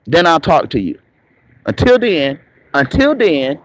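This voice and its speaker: Raspy man ranting on a stream. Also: fairly high pitch, wildly swooping pitch, unhurried, poor audio. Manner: confrontational, profane, mocking. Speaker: online commentator. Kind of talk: live-streamed rant. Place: moving around on the go, patchy signal.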